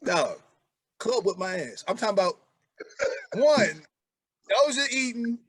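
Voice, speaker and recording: Forty-something guy, laid back, high voice, dry close sound. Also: animated, a little slow, slightly rough, no echo. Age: 40s. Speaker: podcast co-host. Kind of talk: casual chat.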